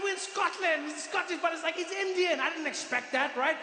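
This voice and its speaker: A man from South Africa telling a stand-up comedy story, animated and breaking into shouted punchlines. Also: very high-pitched, brisk, hardly any pauses. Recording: echoey theatre hall with ambient noise.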